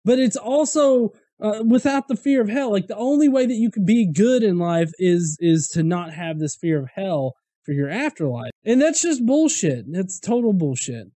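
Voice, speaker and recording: A man's voice: sits high, lively intonation, normal speed, hardly any pauses, warm tone, no room sound. A man hosting a casual commentary show, reacting to viewer comments in an irreverent way, swearing freely and laughing at his own points. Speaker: host.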